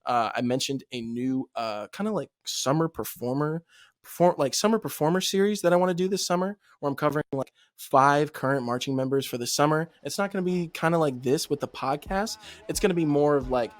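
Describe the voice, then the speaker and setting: A man's voice: on the high side, lively intonation, brisk, no room sound, clean studio sound. A young man hosting a podcast, chatting casually and upbeat, laughing often and swearing now and then. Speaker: podcast host. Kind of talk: casual chat.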